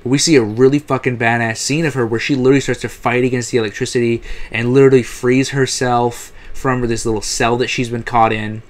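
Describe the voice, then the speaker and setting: A man's voice: mid-range voice, steady tone, a little fast, hardly any pauses. A man giving a casual recap of a TV episode, rambling with restarts and the odd swear word. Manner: rambling, many fillers and restarts, frequent swearing. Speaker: TV episode reviewer.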